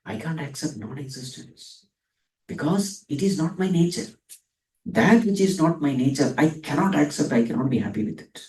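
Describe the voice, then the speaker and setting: A man's voice: a little high, animated, a little mellow, recorded from a distance. Man teaching in an echoey room. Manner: asks and answers his own questions; dwells on Sanskrit terms, drawn out slowly. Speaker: spiritual teacher. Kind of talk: Vedanta discourse.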